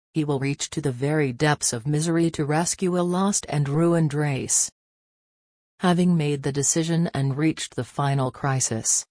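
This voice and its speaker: Low-voiced woman reading devotional text. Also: a little mellow, dry recording, studio quality. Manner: measured, solemn narration. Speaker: reader.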